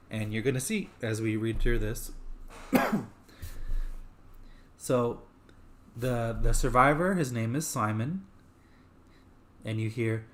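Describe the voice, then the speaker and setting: A man casually talking through a side mission he wrote for his own game, in a relaxed, explanatory way. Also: mid-range voice. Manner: relaxed, explanatory, with small restarts. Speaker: game developer.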